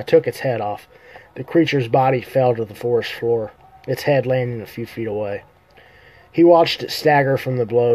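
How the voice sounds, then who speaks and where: A man's voice: medium pitch, dark tone, rough recording. A man reading his own fantasy novel aloud on a live stream, casual, often fixing his own slips. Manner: self-correcting, casual slips. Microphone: computer or phone mic on a live stream.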